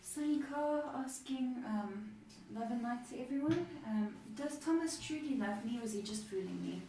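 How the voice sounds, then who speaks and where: A woman's voice: on the high side, lively intonation, normal speed, dark tone, heavy reverb, distant mic, slight background noise, poor audio. A woman reading viewers' questions aloud on a live advice show, with small hesitations.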